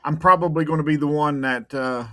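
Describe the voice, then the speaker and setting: A man's voice: on the high side, fairly quick, a bit bright, no echo, studio quality. A man talking casually on a podcast as a private investigator guest, blunt and tough, often repeating words as he goes.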